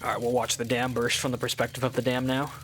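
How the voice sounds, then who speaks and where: Male let's-play host, mid-range voice, loose rambling commentary, steady background noise. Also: mid-range voice, quick pace. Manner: thinks aloud, rambling with frequent "like". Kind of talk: casual gameplay commentary.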